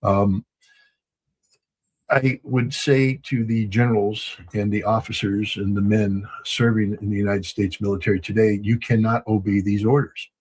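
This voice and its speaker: A man giving measured political commentary in a formal, grave, emphatic way, with some filler ums. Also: fairly low pitch, flat delivery, darkish tone, breathy edge.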